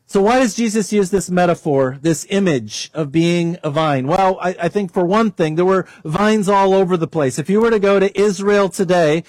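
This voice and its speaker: A pastor delivers a sermon with a fairly high, expressive voice. The sound is dry and close, with little room around it. He tells stories and prays aloud, pushing his pitch up and down for emphasis. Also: normal speed, hardly any pauses, no echo.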